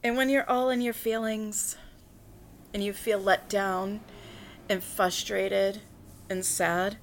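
A woman hosting a podcast in a casual monologue, brash and profane, talking quickly and joking with frequent laughs. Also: medium pitch, level tone, a little hiss or hum. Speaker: podcast host.

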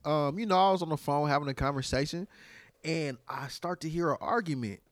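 Co-host, man, animated storyteller, casual, dry close mic. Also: on the high side, brisk, dry recording. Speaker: podcast co-host.

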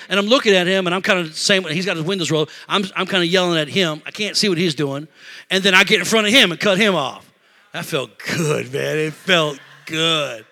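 A middle-aged man preaching a sermon in a church, telling a story in an animated, emotional way and talking straight to the congregation. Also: high-pitched. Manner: animated, emotional, talks to congregation with "y'all" and "amen". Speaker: pastor. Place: church sanctuary.

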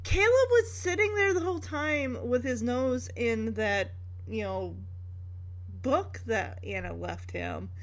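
A woman casually recapping a story scene by scene, chatty and quick to laugh, often breaking into the characters' lines. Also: on the high side, lively intonation. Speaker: show recap host.

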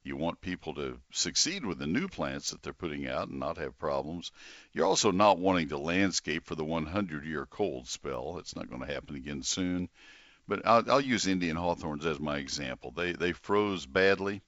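An older man hosting a call-in garden radio show, chatty and folksy with lively exclamations. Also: a bass voice, normal speed, dry recording, highs cut off. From Texas.

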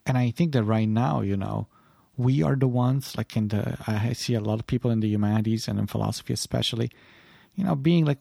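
A man who teaches philosophy chats casually on a podcast over a video call, rambling and thinking aloud in a deep morning voice. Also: a little fast, creaky, mellow, husky, no room sound, studio quality.

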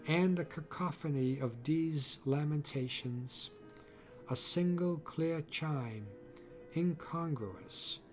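Slow, deliberate male audiobook narrator. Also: on the high side, darkish tone. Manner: measured, deliberate delivery.

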